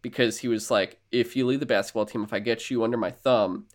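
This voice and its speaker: A man's voice: mid-range voice, steady tone, quick pace. A man co-hosting a podcast who recaps a movie in casual, rambling chat, swearing freely and acting out the characters' lines. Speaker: podcast co-host.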